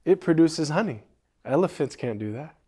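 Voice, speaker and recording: A man's voice: fairly high pitch, animated, normal speed, mellow, husky. A man voicing a cunning, defiant little male hare while telling a teaching story. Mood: insistent.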